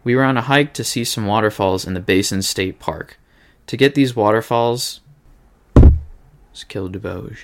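A man's voice: on the low side, normal speed. A man with a Midwestern American accent, co-hosting a podcast and reading a listener story aloud, joking and swearing freely between lines.

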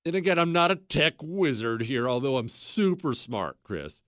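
A man's voice: mid-range voice, very animated, moderate pace, a bit bright, no echo, studio quality. A man hosting a talk show, rambling in a casual, sarcastic way and breaking into laughter. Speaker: radio talk show host. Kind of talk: casual talk radio monologue.

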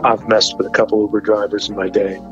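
A man's voice: lowish voice, level tone, quick pace, dull audio, music in the background. A middle-aged man, a baseball coach, telling a playful prank anecdote in a wry tone. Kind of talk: anecdote in interview.

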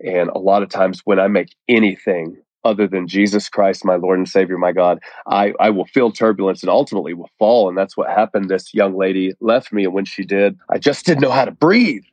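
A man's voice: sits low, fairly quick, few pauses, a little mellow, no room sound. A man, telling his personal story in an interview in an earnest, heartfelt way. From Oklahoma. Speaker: guest.

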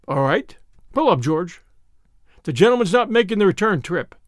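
A man's voice: high-pitched, sing-song, moderate pace, dry recording, studio quality. A man voicing a bold, cheerful young man who talks in breezy slang.

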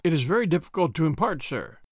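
A man voicing a troubled railway signalman who speaks in a low, hushed and grave way. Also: very animated, fast, no echo, clean studio sound. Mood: uneasy. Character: haunted, troubled middle-aged male railway signalman.

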